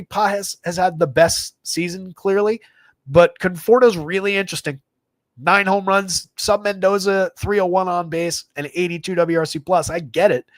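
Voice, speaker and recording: Guy rattling off baseball stats on a stream, kinda high voice, dead dry mic, lots of uhs. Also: no echo. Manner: rapid stat-heavy delivery with frequent fillers. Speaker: fantasy baseball analyst. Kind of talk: live stream sports stats rundown.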